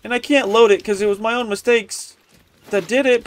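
Excitable high-voiced man streaming a game. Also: moderate pace. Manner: excitable, talks to the game characters. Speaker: streamer playing a video game. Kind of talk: casual gameplay commentary.

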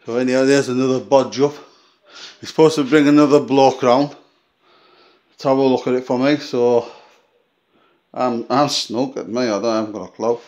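A man chatting casually on a vlog, rambling and restarting as he tells a story while filming his own flat. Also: medium pitch. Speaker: vlogger.

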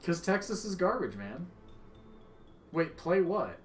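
A young man livestreaming a game, chatting casually with viewers, loud and joking with free swearing. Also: sits high, sing-song, slow pace. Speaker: livestream gamer. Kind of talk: casual stream chat. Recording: echoey room, faint ambience.

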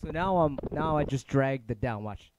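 A man's voice: medium pitch, expressive, normal speed, noisy background. A middle-aged man teaching turntable scratching in a casual livestream lesson, rambling loosely and swearing offhand. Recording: music playing underneath. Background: turntable music.

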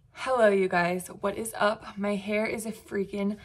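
A woman's voice: medium pitch, steady tone, takes it slowly, background noise. A woman, chatting casually to her phone camera at home in a bubbly, gushing way. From United States. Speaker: vlogger. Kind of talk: casual vlog chat. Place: home, indoors.

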